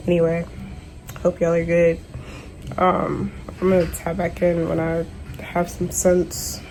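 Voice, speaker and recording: A woman's voice: on the low side, flat delivery, unhurried, dark tone, slight background noise, rough recording. Stressed young woman venting on camera. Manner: exasperated, venting, slangy. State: stressed, worn out. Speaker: vlogger. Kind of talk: casual video diary.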